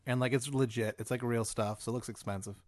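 A man hosting a comedy podcast, telling a hypothetical scene to his guest in a deadpan, casual way. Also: medium pitch, fast. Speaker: podcast host posing hypotheticals.

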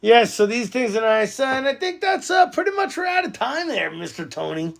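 A man co-hosting a podcast remotely in loud, profane, laugh-filled casual banter. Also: extremely high pitch, very animated, fairly quick, vocal fry. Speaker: podcast co-host.

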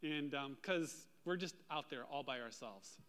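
A man delivering a sermon from the pulpit. His voice sits somewhat high for a man, and he slips into animated storytelling as he shares personal anecdotes. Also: measured pace. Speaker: pastor.

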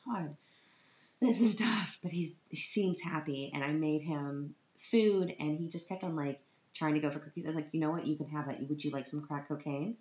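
A woman with a low voice talks casually about her life, chatty and quick with self-deprecating jokes. Her voice sits in a roomy space, and the recording sounds dull with a faint hiss. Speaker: mother giving a personal update. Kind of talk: casual personal monologue.

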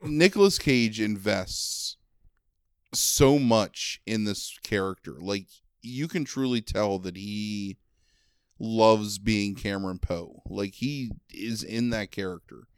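This movie review comes from a podcast co-host whose voice sits on the low side, clear and resonant yet a little nasal. He talks slowly and casually, sarcastic and rambling with many ums and likes, on a dry, studio-quality recording.

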